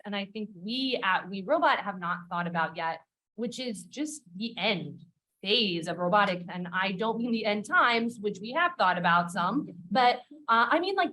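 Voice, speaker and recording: A woman with a slightly higher voice moderates a conference panel. She talks to the audience in a direct, lively, conversational way, as in a lecture hall. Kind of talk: conference talk.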